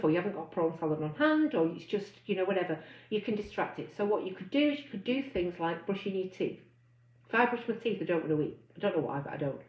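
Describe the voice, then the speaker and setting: A woman's voice: mid-range voice, a little mellow. A woman weight-loss coach giving a chatty live online talk, reading out comments and acting out inner voices. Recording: roomy, slightly dull sound.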